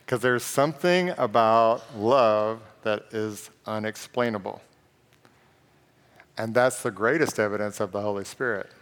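A man's voice: on the low side, unhurried, a bit bright. Man preaching casually in an echoing hall. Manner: conversational and joking, reading scripture aloud. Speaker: pastor. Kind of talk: sermon. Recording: long reverb of a large hall.

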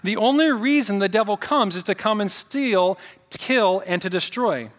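A man's voice: high-pitched, animated, normal speed, a bit bright, big-room sound. A male pastor preaching a sermon, emphatic, repeating key points and asking the congregation questions.

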